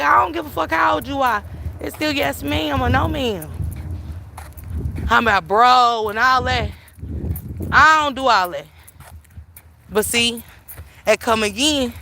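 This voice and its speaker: A middle-aged woman with a bright, forceful voice chats on a livestream as she walks outside. She tells her stories animatedly and emphatically and swears freely. Her voice sits at an ordinary pitch for a woman and comes through a handheld phone, with faint noise behind. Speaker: livestream host. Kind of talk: casual storytelling chat. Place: outdoors, walking through town.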